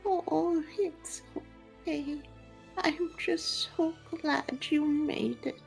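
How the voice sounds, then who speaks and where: A woman voicing a frail, elderly woman who speaks softly and tenderly. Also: high voice, fairly even intonation, drawn-out words, gravelly, soft background music, pitched above the performer's own voice, exaggerated voice. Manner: soft, quavering, affectionate.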